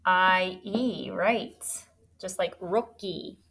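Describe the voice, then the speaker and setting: A woman's voice: lowish voice, very slow, fairly bright tone. A woman teaching a phonics lesson to children, patient and encouraging as she sounds out words.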